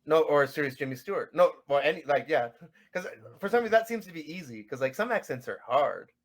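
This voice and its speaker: A man's voice: fairly high pitch, animated, fast talker. A man co-hosting a casual podcast chat, jokey and rambling, laughing often. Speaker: podcast co-host.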